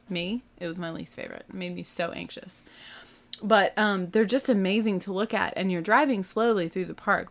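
A middle-aged woman casually telling a family road-trip story, acting out everyone's lines with lively, rising panic. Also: on the low side, creaky. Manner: animated, acts out family dialogue with rising panic.

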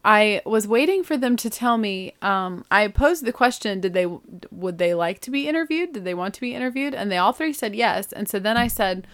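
A woman's voice: medium pitch, animated, moderate pace, hardly any pauses, a bit bright. A woman, hosting a podcast in a rambling, chatty way with lots of "like" and self-corrections. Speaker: podcast host. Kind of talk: casual solo chat.

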